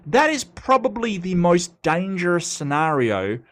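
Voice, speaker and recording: A man hosting a casual livestream commentary, rambling and joking, his voice a little rough from a cold. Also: sits high, big pitch swings, unhurried, a bit bright. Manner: rambling, joking, repeats himself and stumbles. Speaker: host of a commentary channel.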